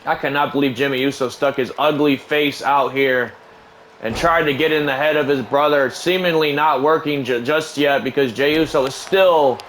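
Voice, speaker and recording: A young man hosting a show and calling wrestling play-by-play over a video game, getting louder and more excited on the big moves. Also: medium pitch, normal speed, slight background noise, poor audio.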